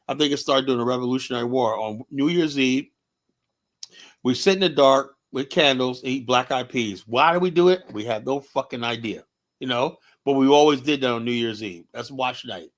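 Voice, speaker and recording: Hosting a heated discussion, a New York-accented man makes his points with emphasis, throws out rhetorical questions, and keeps saying "you know." He speaks in a mid-range voice at normal speed.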